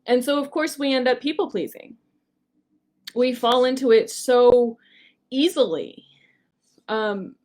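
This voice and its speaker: A woman hosting a solo podcast, talking in an earnest, conversational way with frequent "like" and "um". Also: high voice. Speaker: podcast host.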